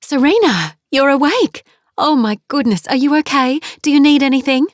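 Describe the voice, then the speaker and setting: A woman's voice: mid-range voice, lively intonation, moderate pace, no echo, clean studio sound, close to an everyday voice. A woman voicing Maggie, a worried middle-aged mother who speaks tenderly and anxiously.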